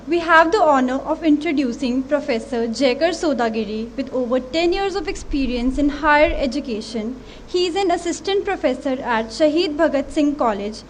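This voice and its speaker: Formal woman anchor, high voice. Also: a little hiss or hum. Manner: formal, read from script. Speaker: event anchor. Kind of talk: formal speaker introduction.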